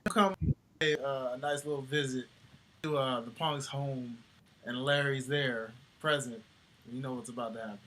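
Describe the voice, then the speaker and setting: A man's voice: mid-range voice, steady tone, moderate pace, background noise. A man in a casual chat, laid back and trailing off into fillers.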